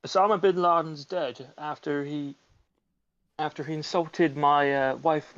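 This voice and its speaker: A man's voice: a little high, steady tone, a little slow, a bit bright. A man with a British accent doing an impression of a president giving a formal address over a call. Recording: dull call audio.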